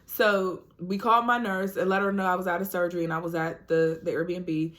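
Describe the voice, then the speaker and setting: A young woman, telling a personal story in a casual vlog, animated and laughing often. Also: lowish voice, fairly quick, hardly any pauses. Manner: animated, acts out quoted voices, laughs often. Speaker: vlogger.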